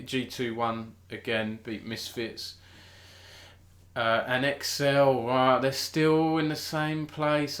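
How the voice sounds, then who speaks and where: A man's voice: mid-range voice, fairly bright tone, roomy sound. A British man hosting a casual live-streamed esports news chat. He talks in a chatty way, restarts often and thinks aloud.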